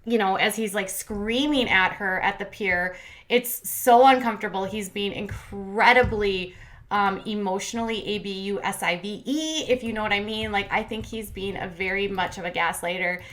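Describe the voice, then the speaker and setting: A woman talks through a reality TV recap in a loose, conversational way, stacking up fillers and opinions. Her voice is bright and forward, pitched in an ordinary middle range. She sounds sarcastic and opinionated as she hands out her verdicts. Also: steady tone, normal speed. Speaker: commentary host. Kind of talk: casual reality TV recap commentary.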